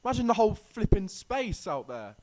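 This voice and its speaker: An excitable man co-hosts a casual podcast, talking in exclamations. His voice is high for a man and swings widely in pitch. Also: a little fast, noisy background. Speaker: podcast co-host. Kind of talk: casual chat.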